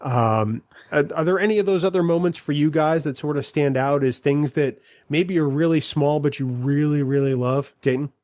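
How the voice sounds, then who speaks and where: A man's voice: on the high side, a little mellow, no room sound, studio quality. Teasing man on a casual podcast. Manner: teasing, unhurried, filler-heavy. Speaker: podcast co-host.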